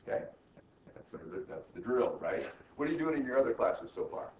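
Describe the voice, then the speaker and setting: A man's voice: mid-range voice, sing-song, brisk, a little mellow, a little hiss or hum. Middle-aged male lecturer, emphatic, keeps asking "right?", recorded from across an echoey room. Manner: emphatic, peppers questions with "right?" and "okay?". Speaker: accounting instructor. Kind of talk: classroom lecture. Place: classroom. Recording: muffled, roomy classroom recording from far off.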